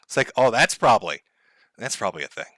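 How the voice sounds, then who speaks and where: A man's voice: on the low side, big pitch swings, quick pace, fairly bright tone, no echo. Sardonic laughing male streamer, dry mic. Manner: sardonic, laughs often, mock-dramatic. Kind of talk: casual live-stream talk. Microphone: headphones and desk mic.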